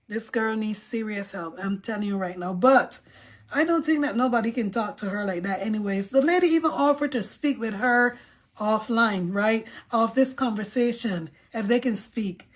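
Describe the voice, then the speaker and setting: A woman's voice: a little high, normal speed. A woman hosting a casual live stream, reading viewer comments aloud and giving her emphatic, outspoken opinions.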